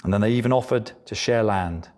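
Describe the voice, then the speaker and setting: A middle-aged man preaching a sermon, animated and acting out voices of the people in his story. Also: fairly low pitch, fairly quick. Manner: animated preaching, acts out voices of biblical figures.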